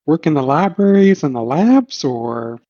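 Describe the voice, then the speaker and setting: A man's voice: on the high side, animated, unhurried, warm tone, no echo, dull audio. A man playing a tabletop game, rambling and joking. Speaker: player.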